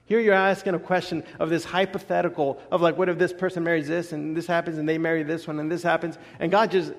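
A man preaching a casual sermon as a pastor, animated, acting out voices and laughing often. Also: fairly high pitch, fast talker. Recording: long echo of a large hall.

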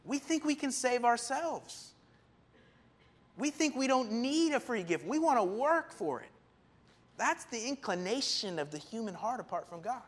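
A man preaching with a high, lifted voice that rises and falls as he presses a point. He talks animatedly and with emphasis, slipping into quoted lines with extra punch. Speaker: pastor. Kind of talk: sermon.

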